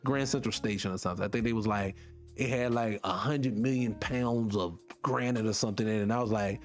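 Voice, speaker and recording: A man hosting a casual monologue for his viewers, firing off rhetorical questions and the odd swear word in an animated way. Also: fairly low pitch, fairly quick, soft background music. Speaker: podcast host.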